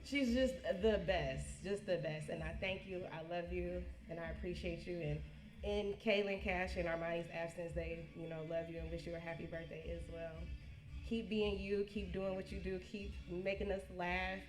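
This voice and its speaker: A woman speaking at a family birthday party as the honoree's niece, halting and emotional, often restarting her sentences. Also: on the low side, steady tone, faint music behind. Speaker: niece giving a birthday tribute. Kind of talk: heartfelt casual speech. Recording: echoey room.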